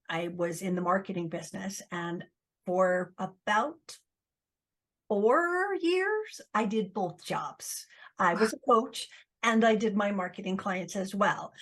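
A woman hosting a podcast, chatting with a guest and telling stories in a lively, animated way. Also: medium pitch. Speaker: podcast host. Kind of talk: conversational podcast interview.

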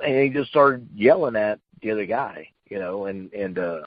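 A man's voice: fairly low pitch, brisk, hardly any pauses, dry recording, muffled recording. A middle-aged man telling an old story in a casual, rambling way, full of fillers and restarts, acting out what people said. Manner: rambling, many fillers and restarts, acts out quotes. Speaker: retired wrestler guest.

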